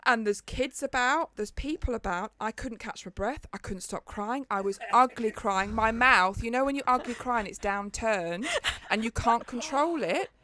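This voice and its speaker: Telling a dramatic story with acted quotes, this animated podcast co-host is a woman in her thirties from England with a Northern English accent. Her voice is a little high, at a moderate pace with hardly any pauses, in casual chat captured on a studio mic.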